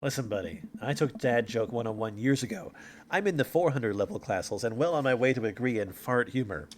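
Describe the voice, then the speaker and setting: A man's voice: mid-range voice, lively intonation, brisk, faint music behind, lightly acted. A man voicing a boastful, competitive rival dad, read aloud in a mostly plain voice.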